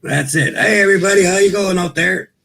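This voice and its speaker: A man's voice: high voice, a little fast, vocal fry, bright, forceful tone. An older man, a guest on a livestream, giving easygoing friendly greetings over a video call. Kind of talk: casual chat on a livestream.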